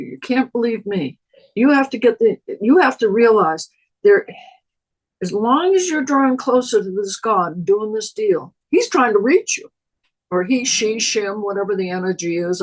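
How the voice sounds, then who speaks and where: A woman's voice: mid-range voice, slightly rough, rough recording. An older woman giving a personal testimony at an online recovery meeting, telling stories and acting out her own past words, over a video call.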